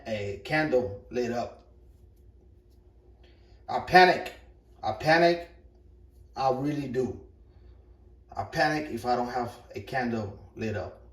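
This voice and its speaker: A man's voice: medium pitch, measured pace, long pauses. Middle aged guy rambling and cussing while he cooks, kinda far from the mic. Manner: rambling, profane, repeats himself. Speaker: vlogger. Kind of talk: casual storytelling while cooking. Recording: echoey room, mic far off.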